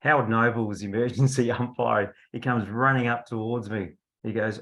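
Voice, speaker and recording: A man's voice: mid-range voice, steady tone, brisk, few pauses, a bit bright. A man, a veteran football umpire, telling anecdotes casually on a video call. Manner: chatty anecdotal storyteller, laughs at his own stories.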